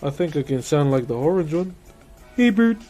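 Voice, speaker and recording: A man's voice: fairly high pitch, a little fast, warm tone, faint music behind. A man chatting casually on a live stream while woodcarving, laughing often and greeting viewers. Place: carving workshop.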